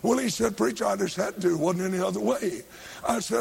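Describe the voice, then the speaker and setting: An older man preaching a revival sermon, telling a story fervently and rising to shouts when he quotes others. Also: high-pitched, lively intonation, normal speed, gravelly, slightly rough.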